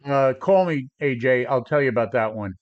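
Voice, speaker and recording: A man's voice: mid-range voice, normal speed, muffled recording. A man in his seventies coaching traders on a live stream, brash and combative, answering viewers directly. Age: 70s. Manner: brash, combative, talks back to chat. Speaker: trading coach. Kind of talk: live stream trading talk.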